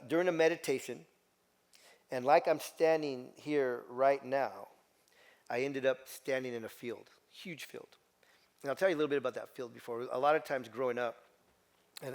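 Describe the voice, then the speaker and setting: A middle-aged man giving a motivational talk to a group, telling a personal story in an emphatic way and repeating phrases. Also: medium pitch. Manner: emphatic, repetitive storytelling with quoted voices. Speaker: motivational speaker.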